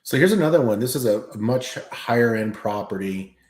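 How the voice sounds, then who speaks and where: A man chatting casually and giving relaxed advice as host. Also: fairly low pitch, brisk. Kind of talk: casual chat. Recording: roomy echo.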